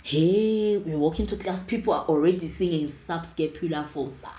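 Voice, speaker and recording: A young nurse talks through her memories in a casual interview, animated and emotional, often breaking into laughter. Her voice sits a little low. The room around her sounds echoey. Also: moderate pace, slight background noise. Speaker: nurse specialist guest.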